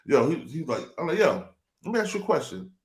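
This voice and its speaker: A man's voice: fairly high pitch, fast talker, echoey room. A man hosting a casual talk show, telling a long story and acting out the people in it. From New Jersey. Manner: animated, acts out quoted voices. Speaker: show host.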